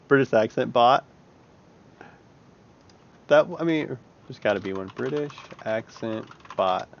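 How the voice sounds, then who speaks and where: A man's voice: mid-range voice, huge pitch swings, slow, creaky, long pauses, fairly bright tone. A man chatting casually and thinking aloud while he works, with plenty of fillers and swearing. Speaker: map-building streamer. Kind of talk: casual chat while working. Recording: muffled audio with faint music.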